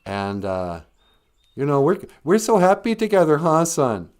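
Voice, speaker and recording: Dude doing a sing-songy proud circus mom, higher voice. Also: male voice, big pitch swings, measured pace, clear, resonant tone. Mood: doting. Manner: sing-song, gushing and doting. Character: loving circus acrobat mother.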